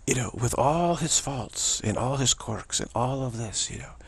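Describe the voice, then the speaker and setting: A man's voice: medium pitch, moderate pace, husky, no echo. A man vlogging in a rambling, repetitive, theatrical way, giving casual spiritual commentary.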